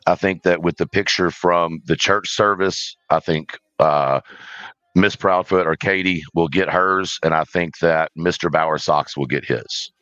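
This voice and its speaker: A man speaking as a panel guest on a livestream, in a measured, cautious way with frequent ums. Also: sits low, fairly even intonation, sharp tone, dry recording. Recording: dull lo-fi dry call audio.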